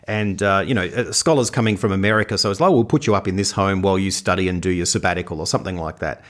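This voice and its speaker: An Australian man co-hosting a podcast, telling an animated story in casual chat with frequent laughter. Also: sits low, fast talker. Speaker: podcast co-host.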